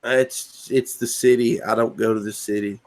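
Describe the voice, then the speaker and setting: A man's voice: mid-range voice, fairly even intonation, moderate pace. Southern male stream host, Tennessee drawl, dry laid-back storyteller. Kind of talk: casual chat on a live stream.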